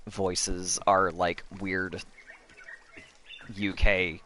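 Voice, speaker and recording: A man streaming a game, chatting casually and thinking aloud with many pauses and ums. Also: sits low, level tone, sharp tone, slight background noise. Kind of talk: casual live-stream chat.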